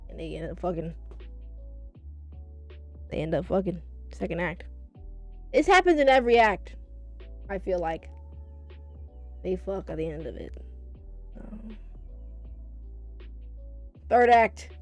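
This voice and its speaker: A woman recapping a romance manga on her channel, casual and profane, gushing and swinging between loud and soft. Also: fairly low pitch, slow pace, long pauses, faint music behind. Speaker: manga reviewer.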